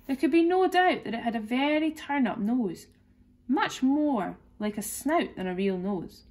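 A teacher reading a children's classic aloud to her class. She reads clearly and expressively, with a voice that sits a little high for a woman. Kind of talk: storybook read-aloud.

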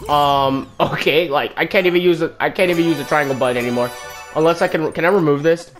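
A man's voice: on the high side, fast talker. A man giving casual let's-play commentary, chatty and easily surprised as he plays. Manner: chatty, easily surprised, says "dude" a lot. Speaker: gaming commentator. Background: game music.

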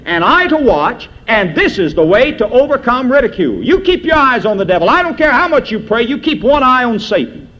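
A middle-aged preacher, a man, delivers an emphatic sermon in a voice pitched high for a man. His delivery swings widely, climbing sharply and then sinking. The old sermon tape sounds muffled and lo-fi. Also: a bit bright. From United States. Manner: emphatic preaching, voice swoops high and drops low. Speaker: pastor. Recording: dull lo-fi archival sermon tape.

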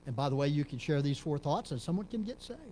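A middle-aged man from Texas, a pastor preaching a sermon in a church, dropping to low murmurs and rising to loud emphatic peaks. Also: lively intonation, fast talker, slight background noise. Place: church sanctuary.

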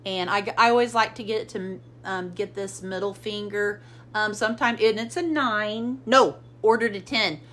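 A woman's voice: mid-range voice, steady tone, moderate pace, fairly bright tone, slight background noise. A middle-aged woman chatting casually through a shopping haul at home, rambling and easily amused. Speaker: vlogger showing a shopping haul.

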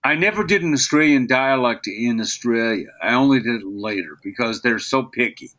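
An older man speaks as a podcast guest, telling stories about his acting career. He is animated, jumps into little character voices, and talks with a middle-range pitch. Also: normal speed. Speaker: voice actor guest. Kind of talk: interview conversation.

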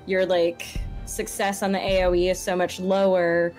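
A woman's voice: fairly low pitch, flat delivery, moderate pace, darkish tone, soft background music. A woman chatting casually on a charity gaming stream, thinking aloud about her moves.

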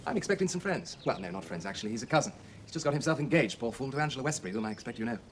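Actor playing a jovial posh gentleman, teasing and theatrical, lively and quick, hissy old TV sound. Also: mid-range voice, natural voice. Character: charming upper-class Edwardian gentleman. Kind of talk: 1970s television period drama.

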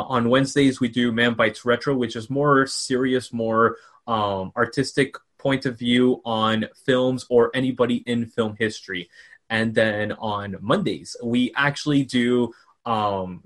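A man on a podcast as a guest, laid-back and teasing, describing his own film talk show. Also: medium pitch. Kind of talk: casual chat.

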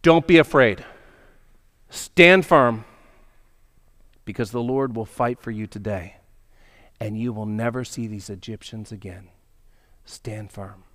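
A man's voice: on the high side, animated, takes it slowly, pauses often, a bit bright. A man playing a firm prophet calling for courage. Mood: urging. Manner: firm reassuring commands. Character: calm male prophet urging courage.

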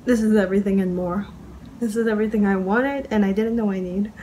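A woman's voice: mid-range voice, fast, noisy background. A young woman making a casual reaction vlog, gushing, swearing and squealing as she reacts to music. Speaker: YouTuber reacting to music videos. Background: music playing.

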